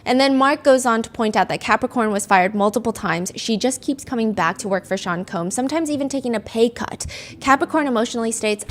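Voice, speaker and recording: A woman hosting a podcast, retelling courtroom events in a casual, animated way with dry asides. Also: fairly high pitch, a little fast, a little hiss or hum. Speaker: podcast host. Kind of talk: casual true-crime storytelling.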